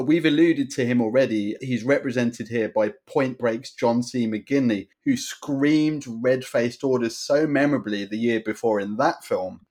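A man hosting a film podcast, measured and analytical with a taste for puns. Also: mid-range voice, a little mellow. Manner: measured, analytical, fond of wordplay. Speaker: podcast host. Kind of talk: film discussion.

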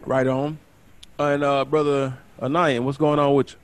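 A man hosting a casual podcast chat, talking quickly and excitedly, often repeating words as he goes. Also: mid-range voice, clean tone. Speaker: podcast host.

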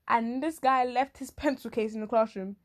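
A young woman vlogger with a fairly high, steady-toned voice races through a comic monologue to camera in loose slang. She's animated, tosses in quick asides, and at times slips into shrill voices to imitate other people.

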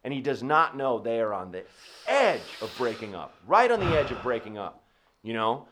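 A man, a comedian, chatting casually and telling rambling, animated stories with lots of restarts. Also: medium pitch, moderate pace. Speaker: comedian guest. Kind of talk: casual podcast chat.

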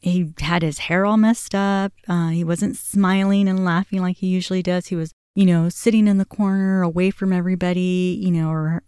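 A woman's voice: fairly low pitch, fairly even intonation, normal speed, few pauses, mellow, clean tone, no echo, studio quality. A woman in her forties hosting a podcast, candidly recounting her family's story in a conversational way, acting out quoted dialogue with many "you know" fillers. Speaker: podcast host. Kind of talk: personal storytelling.

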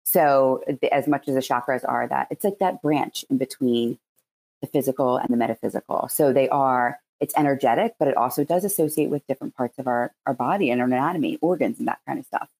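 A woman's voice: rumbling low, fairly quick, a little mellow. A woman with a Philadelphia accent, a Reiki practitioner chatting as a podcast guest in loose, rambling explanations. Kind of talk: casual interview chat.

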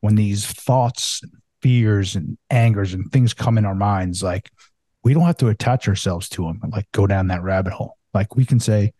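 Man, podcast guest, casual, swears a lot, mellow tone, dry close sound. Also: lowish voice, normal speed, no room sound. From United States. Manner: candid, swears freely, many fillers.

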